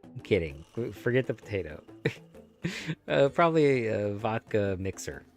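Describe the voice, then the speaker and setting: A man's voice: on the low side, sing-song, normal speed, faint music behind. A man streaming a game, chatting casually and joking in a rambling way with his viewers. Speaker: gaming streamer. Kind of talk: casual live-stream chat.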